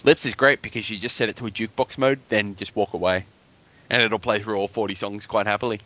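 A man's voice: lowish voice, steady tone, quick pace, fairly bright tone. A man co-hosting a casual gaming podcast, joking around and laughing often. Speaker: podcast co-host.

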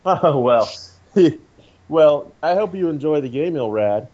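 Lively, playful podcast host. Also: male voice, on the high side, takes it slowly, lo-fi sound. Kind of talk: casual podcast chat.

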